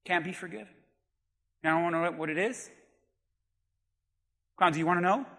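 A man preaches in an emphatic sermon style, often shouting and calling on the congregation to answer. His voice is high and piercing, and he delivers it slowly. The sound rings through a large reverberant hall. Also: vocal fry. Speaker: pastor.

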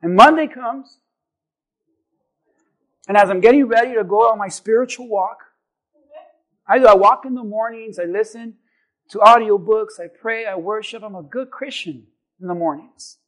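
A man, a pastor, preaching a sermon and telling a personal story with animated delivery that builds to forceful exhortation. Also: high-pitched, moderate pace, long pauses, low-quality recording.

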